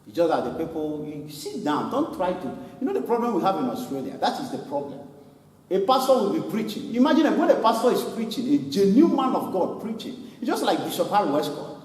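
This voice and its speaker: Animated preacher man in an echoey hall. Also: high-pitched, brisk, far from the mic. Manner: animated preaching, laughing and mimicking others. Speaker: pastor. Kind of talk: sermon. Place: church hall.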